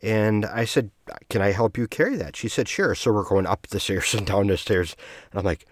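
A man hosting his own podcast, telling a personal story in a rambling, self-correcting way with soft laughs. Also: fairly low pitch, normal speed. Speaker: podcast host. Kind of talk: casual storytelling monologue.

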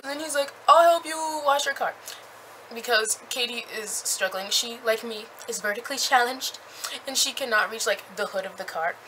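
A young woman recapping a book in a chatty, animated way with lots of fillers. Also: a little high, slight background noise, rough recording. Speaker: book reviewer.

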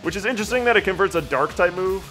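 A man's voice: high-pitched, lively intonation, racing, a bit bright, faint music behind. A man giving casual, rambling and jokey gameplay commentary as a let's play host.

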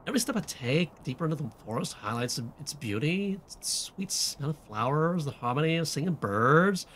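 A man's voice: on the high side, big pitch swings, normal speed, a bit bright, slight background noise. Man doing a young woman diarist, valley girl slipping into a southern drawl, dreamy. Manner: drawling, peppered with "like, totally". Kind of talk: reading in-game notes aloud in a put-on voice.

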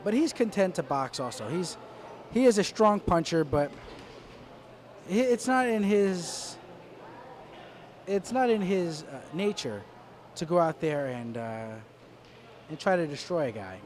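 A man's voice: on the high side, animated, unhurried, long pauses, a little mellow. A man giving live boxing commentary in a dry, wry way, with many fillers and restarts.

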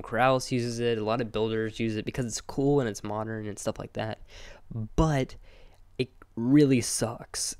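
A young man talks over his own gameplay in a clear, smooth voice, rambling along and getting excited as he goes. He sits close to a desk microphone at home, and the sound is dry and close. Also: mid-range voice, dry recording. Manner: rambling and excitable, chatting to animals. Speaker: gaming channel host. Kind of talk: casual gameplay commentary.

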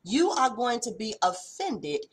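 A woman preaching a short devotional, her voice fairly high and husky. She moves between fervent, emphatic declarations and low, intense asides, speaking in a plain, folksy way. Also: sing-song, a little slow. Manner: passionate, swings between loud exhortation and hushed intensity; colloquial, uses folksy address.

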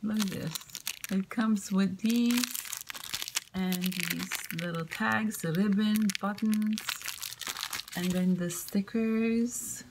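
A woman vlogger opening craft mail at home, talking in a soft, hushed half-whisper and gushing over each item. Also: medium pitch, fairly even intonation, takes it slowly, noisy background. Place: home, indoors. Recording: loud crinkling of paper packaging.

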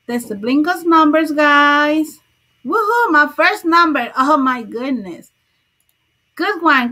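A woman's voice: high-pitched, lively intonation, slow pace, bright, forceful tone. A woman hosting a crochet livestream, chatting casually, greeting viewers by name and laughing often.

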